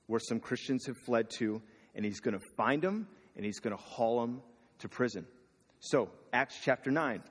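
A man preaching a sermon in a casual, conversational way, asking the listeners questions. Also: medium pitch. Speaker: pastor. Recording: long reverb of a hall.

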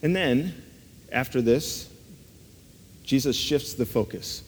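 A man delivers a sermon at an ordinary pitch, earnest and conversational, often pausing on rhetorical questions. His voice rings with the long reverb of a large hall. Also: breathy edge. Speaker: preacher.

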